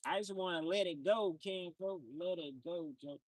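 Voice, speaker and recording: A man's voice: high voice, moderate pace, dry recording, studio quality. A man livestreaming outdoors, talking in a loose, rambling, slangy way and often repeating himself. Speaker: livestream host. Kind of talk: casual rambling chat.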